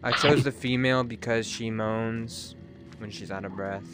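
A young man chatting excitedly to his viewers while streaming a game, swearing freely. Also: on the low side, moderate pace, over music. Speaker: livestreamer. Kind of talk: casual live gameplay chatter.

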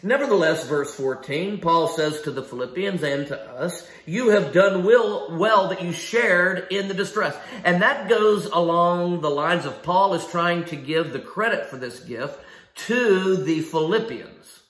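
A man's voice: high voice, measured pace, a bit bright, roomy sound. A man preaching a sermon in an emphatic style, asking rhetorical questions and repeating key phrases. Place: church sanctuary.

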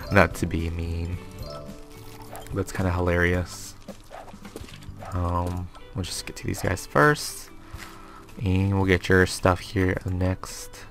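A man's voice: low voice, fairly even intonation, takes it slowly, pauses often, fairly bright tone, faint music behind. A man hosting a casual let's-play, rambling and joking to himself as he plays. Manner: rambling and self-amused, chats to himself. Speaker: gaming channel host.

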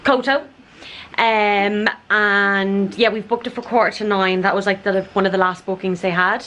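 A woman's voice: mid-range voice, steady tone, normal speed, fairly bright tone, poor audio. A young woman with an Irish accent chatting casually as a travel vlogger, rambling with lots of fillers. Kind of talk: casual vlog chat. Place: outdoors on walks and indoors in a hotel.

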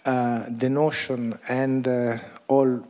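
A man's voice: medium pitch, flat delivery, takes it slowly, darkish tone. A man moderating a film screening, giving hesitant introductory remarks full of fillers and small chuckling asides. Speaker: event moderator.

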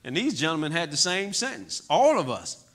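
A middle-aged man giving an impassioned testimony talk to a church audience, moving between loud outbursts and quiet, heavy moments. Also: a little high, big pitch swings, moderate pace. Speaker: guest speaker. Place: church hall.

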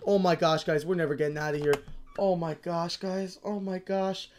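A young woman giving casual, excitable commentary on her own game, panicking and repeating herself as she plays. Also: lowish voice, normal speed, faint music behind. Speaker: gaming channel host.

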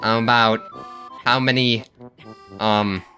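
A man hosting a comedic gameplay video, jokey and animated, often yelping and laughing at what happens on screen. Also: fairly low pitch, slow pace, soft background music. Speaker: gaming video host.

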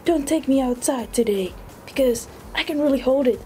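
A woman voicing her pet dog, pleading quickly not to be taken outside. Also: high-pitched, dark tone, soft background music, lightly acted. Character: reluctant pet dog refusing to go out.

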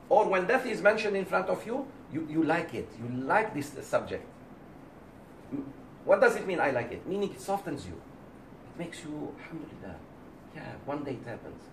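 A man teaching a religious class, speaking in a lively way and acting out the voices he quotes. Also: a little high, normal speed, gravelly, slight background noise. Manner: animated, acts out quoted voices. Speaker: Islamic teacher. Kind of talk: lecture to a class. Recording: roomy, distant mic, faint background.

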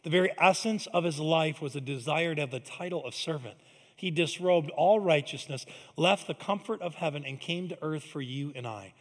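A man's voice: a little high, normal speed, big-room sound. A man preaching a sermon as pastor, in a conversational, emphatic style with frequent asides to the congregation. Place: large church hall.

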